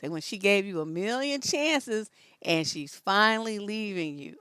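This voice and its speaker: Woman live stream host, chatty and animated, gets loud telling stories, dry close mic. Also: on the low side, moderate pace, clear, resonant tone, dry recording. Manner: animated storytelling, laughs often, rises to loud peaks. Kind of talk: casual live stream commentary.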